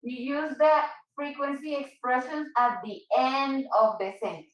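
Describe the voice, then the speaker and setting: A patient woman teaching an English class, going over examples and repeating them slowly. Her voice sits high, and the room around her sounds echoey. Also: far from the mic. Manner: patient, repeats and explains slowly, switches into Spanish. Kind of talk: online English class for Spanish speakers.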